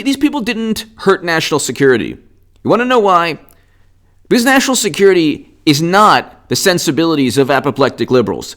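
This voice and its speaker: A man's voice: on the high side, fairly bright tone. A man giving unscripted political commentary in a combative, indignant and sarcastic rant.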